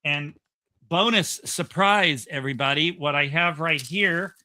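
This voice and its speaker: A man's voice: on the high side, unhurried, pushed and bright, dry recording. A man hosting a casual podcast chat, talking in an enthusiastic, rambling way with lots of "um"s and restarts. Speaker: podcast host.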